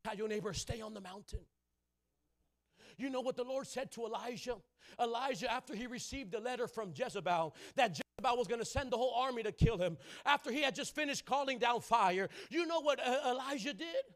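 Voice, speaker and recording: A man preaching a sermon in a church, calling out to the congregation and rising into loud shouting. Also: very high voice, lively intonation, a little fast. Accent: Southern California. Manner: call-and-response preaching, building to loud shouting. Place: church sanctuary.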